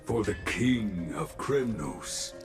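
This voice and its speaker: A wise old craftsman in a game, calm and measured, who puts his words in inverted order. His lowish voice rises and falls widely and unhurriedly, and music plays clearly beneath him.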